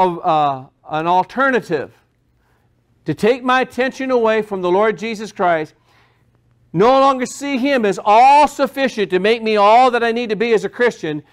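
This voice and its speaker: Guy pastor preaching hard, kinda high voice, keeps hammering the same lines. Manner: impassioned preaching, repeating phrases with rising emphasis. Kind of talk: sermon.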